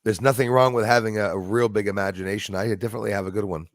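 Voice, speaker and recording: Man, gravelly voice, dry close sound, casual live-stream chat, thanks viewers by name. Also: fairly low pitch, steady tone, rapid-fire, dry recording. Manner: chatty, laughs easily, thanks viewers by name.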